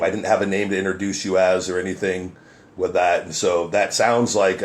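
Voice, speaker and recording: Lower-voiced host giving blunt feedback. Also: male voice. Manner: blunt, coaching critique. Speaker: host of his own live show. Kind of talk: casual live-stream chat.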